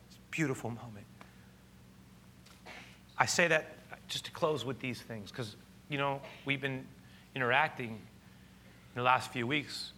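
A male pastor preaching a sermon, telling the story with animated delivery and sometimes dropping to hushed, intimate tones. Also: medium pitch, slight background noise.

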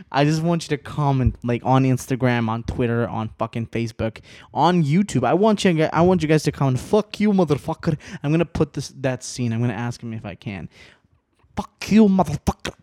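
A man hosting his podcast alone in a small home studio, talking casually and rambling, cursing often, swinging between subdued and excited. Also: medium pitch. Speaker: podcast host. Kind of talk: casual solo podcast chat.

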